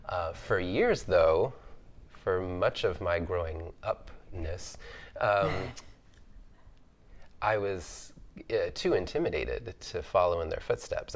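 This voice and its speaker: Low gravelly man recalling his youth. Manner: thoughtful, many fillers, laughs easily. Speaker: artist on a roundtable panel. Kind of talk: reflective conversational storytelling.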